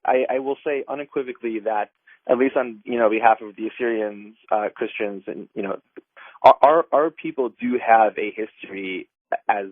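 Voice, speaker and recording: Heard through a thin, tinny telephone line, a man with a fairly low voice speaks at normal speed in a dry recording. He's an advocacy group director on a radio interview, earnest but prone to fillers and restarts.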